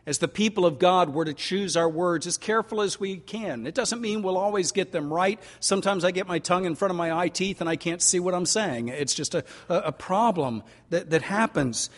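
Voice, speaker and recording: Folksy older preacher in a reverberant hall. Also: male voice, sits high. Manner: folksy, animated preaching with drawn-out emphasis. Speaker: pastor. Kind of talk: sermon. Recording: long reverb of a large hall.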